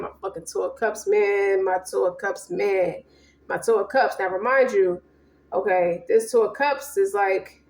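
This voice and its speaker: A woman's voice: a little high, reverberant. A woman giving a casual tarot reading, slangy and profane, rambling and emphatic. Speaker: tarot reader.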